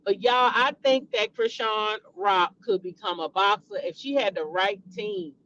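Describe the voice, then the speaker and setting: A woman's voice: mid-range voice, lively intonation, a little slow, fairly bright tone, highs cut off, slight background noise. A woman hosting a celebrity gossip show, chatting casually and animatedly to her viewers and calling them y'all.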